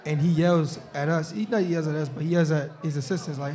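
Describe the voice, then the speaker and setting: Guesting on a live show at a restaurant, a young football player swaps stories loosely and laughingly, repeatedly dropping "you know what I'm saying." He speaks briskly in a warm, high-leaning voice with fairly even intonation, in casual live-show chat.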